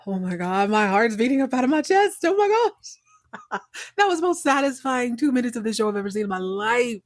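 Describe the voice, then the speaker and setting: A woman hosting a podcast, animatedly recapping a TV episode in a casual, excitable way. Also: a little high, fast, dry recording, clean studio sound. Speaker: podcast host.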